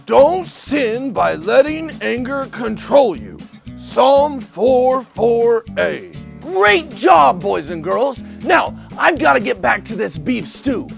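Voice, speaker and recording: A woman's voice: a little high, slow pace, gravelly, soft background music, full character voice. Teriyaki, a woman playing a scatterbrained cartoon cook. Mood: goofy. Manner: silly, jumps between excited and muttering. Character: goofy cook in a kitchen, scatterbrained and cheerful. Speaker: children's church character.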